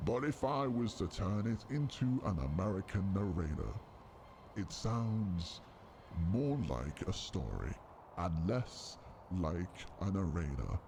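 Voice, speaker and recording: Streamer doing a low, warm story narrator, measured and lively in pitch. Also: male voice, a little hiss or hum, full character voice. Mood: explaining. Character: deep calm male storyteller narrator.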